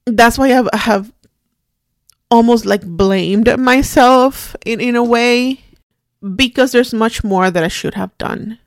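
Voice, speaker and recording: A woman in her forties, hosting a podcast, telling a personal story in a somber, reflective and halting way. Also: fairly high pitch, no echo, clean studio sound. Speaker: podcast host.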